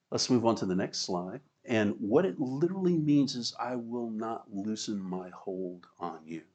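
A man's voice: mid-range voice, darkish tone. A man preaching a sermon, explaining scripture and reading verses aloud with emphasis. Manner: teaching, reads scripture aloud, emphatic, chuckles. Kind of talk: sermon with slides.

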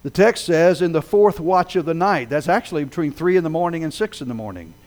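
A man preaching a sermon, telling a story with dramatic swells that rise loud and then sink low. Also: lively intonation, brisk. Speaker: pastor.

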